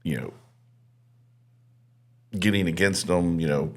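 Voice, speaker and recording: A man on a podcast, thinking aloud in a halting, reflective way. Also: sits low. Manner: thoughtful, halting, with fillers and restarts. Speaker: podcast co-host.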